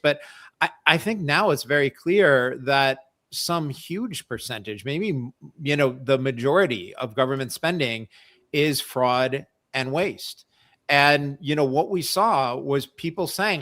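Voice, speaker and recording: A man's voice: mid-range voice, a little slow, a bit bright. Man, panel guest, blunt emphatic commentary, keeps repeating his point. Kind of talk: opinionated commentary on a live panel.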